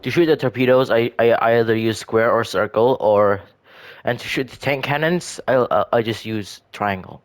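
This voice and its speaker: Casual male gaming commentator, mid-pitched, halting and self-correcting as he talks through his builds. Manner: rambling, hesitant, frequent restarts and self-corrections. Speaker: gaming video creator.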